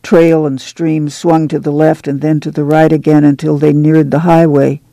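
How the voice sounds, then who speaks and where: Gravelly, mellow male audiobook narrator. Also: fairly high pitch, no echo. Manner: measured, even storytelling.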